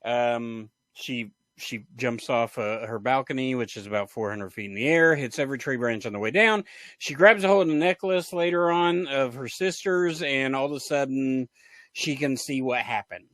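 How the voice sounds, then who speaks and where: A man's voice: medium pitch, moderate pace, a bit bright, no echo, clean studio sound. A man co-hosting a movie podcast in casual chat, rambling through a plot recap with restarts and amused laughs. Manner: rambling, trails off and restarts, laughs at bad lines. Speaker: podcast co-host.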